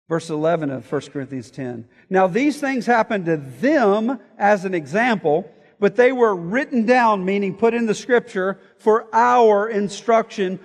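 A man preaching an expository sermon, explaining word meanings and reading scripture aloud, moving between loud emphasis and quiet asides. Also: high-pitched. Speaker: pastor. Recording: hall reverb.

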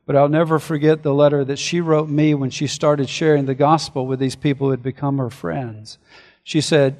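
A man's voice: on the high side, little pitch movement, moderate pace. Earnest preaching man in a reverberant hall. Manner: earnest preaching, rising and falling from forceful to hushed. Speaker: pastor. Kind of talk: sermon.

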